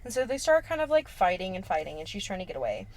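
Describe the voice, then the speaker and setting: A young woman co-hosts a casual podcast, recapping a horror film in a sassy, slangy way. Her voice sits at an ordinary middle pitch. She swears freely and drops in playful asides. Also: sing-song, quick pace, darkish tone. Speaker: podcast co-host.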